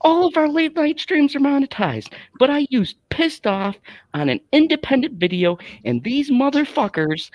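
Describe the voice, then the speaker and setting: A man's voice: extremely high pitch, lively intonation, normal speed, no echo, muffled recording. A man hosting a casual late-night live stream, ranting and swearing freely. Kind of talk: casual profane livestream chat.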